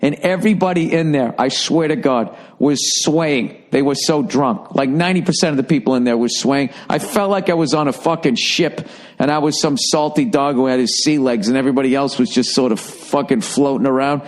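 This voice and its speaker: Boston-area guy riffing on his podcast, swears a lot, voice jumps way up when he gets worked up. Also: fairly quick. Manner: profane, rambling, with sudden high-pitched bursts for emphasis. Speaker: podcast host. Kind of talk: casual storytelling monologue.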